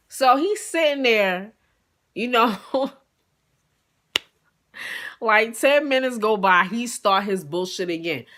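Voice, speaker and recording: A young woman telling a personal story in a casual, profane, animated way, acting out both sides of a dialogue. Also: on the high side, slow, long pauses.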